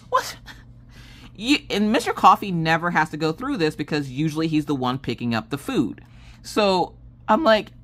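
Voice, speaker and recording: A Southern American woman in her thirties chatting casually, acting out family members' lines in an exasperated storytelling manner. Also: fairly quick. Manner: animated, acts out family members' lines with big pitch jumps and exasperated whispers. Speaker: craft vlogger.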